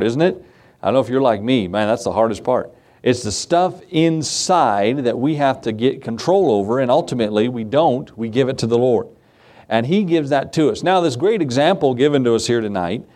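A male pastor delivering an evening sermon in an easy, talkative manner. He leans on rhetorical questions, little laughs and asides to the congregation. His voice sits at an ordinary middle pitch, swinging up when he stresses a point and sinking low as phrases trail off. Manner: conversational preaching with rhetorical questions and soft laughs.

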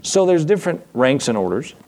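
A man's voice: on the high side, very animated, brisk, darkish tone. A male pastor preaching a sermon in a casual, folksy way, with asides and chuckles.

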